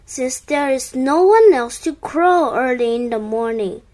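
A woman voicing an impatient, grumpy male farmer in a children's storybook, with loud, exasperated lines. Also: sits high, expressive, a little slow. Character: stern grown man farmer, impatient. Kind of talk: storybook read-aloud.

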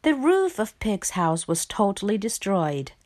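A woman narrating a children's picture book aloud in a slow, expressive storytelling voice. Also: medium pitch, no echo, studio quality.

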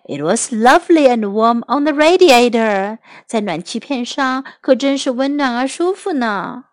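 A woman teacher reading a children's story aloud in two languages, clear and expressive. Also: fairly high pitch, no echo. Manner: clear, expressive, slow English then Chinese.

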